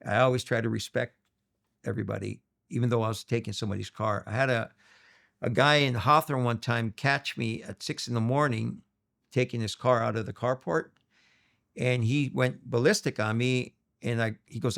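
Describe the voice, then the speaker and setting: A man's voice: mid-range voice, normal speed, gravelly. A middle-aged man from Los Angeles, telling stories as an interview guest and acting out the voices of people he quotes. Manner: animated storyteller, acts out quoted voices. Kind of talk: storytelling interview.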